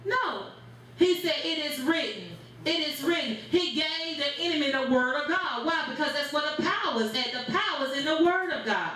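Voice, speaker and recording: A woman pastor delivers a sermon, her voice sitting high. She preaches in rhythmic phrases that draw answers from the congregation. The sound rings with heavy echo off the church walls. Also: animated, moderate pace, sharp tone. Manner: rhythmic preaching with call-and-response. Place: church sanctuary. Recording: very echoey church room.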